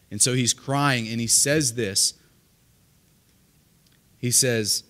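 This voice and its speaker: Speaking slowly and pausing often, a man with a medium-pitched, slightly bright voice and fairly even intonation delivers a sermon. He's a pastor addressing a live congregation at a church service, earnest in manner and prone to repeating words when starting a sentence.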